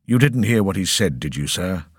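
A man reading an audiobook, voicing a gruff older male security officer who is deferential but evasive. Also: sits low, expressive, normal speed, no echo, studio quality.

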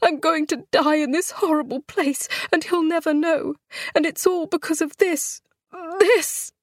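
A woman voicing a distraught gentlewoman in labor, crying out in shrill anguish. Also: lively intonation, slow, no room sound, studio quality, exaggerated voice. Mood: wailing. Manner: shrill anguished cries, high and strained.

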